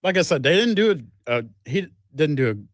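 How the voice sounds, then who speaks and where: A man co-hosting sports radio, his voice a bit high for a man. He talks in a hesitant, meandering way, full of likes and ums, and chuckles along. The mic is dry and close. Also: very animated, moderate pace, no room sound. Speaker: radio show co-host. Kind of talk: casual sports radio banter.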